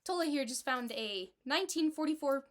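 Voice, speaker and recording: A young woman with a somewhat high voice co-hosts a relaxed podcast chat. She reads headlines out slowly and deliberately, then adds dry remarks. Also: slight background noise. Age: young adult. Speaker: podcast co-host. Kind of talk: casual chat reading old headlines.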